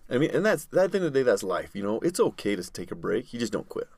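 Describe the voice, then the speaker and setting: A man's voice: medium pitch, sing-song, fast, creaky, slightly rough, no echo. A man, a podcast guest, vividly telling a survival story in conversation. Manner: vivid storyteller, acts out others' shouting.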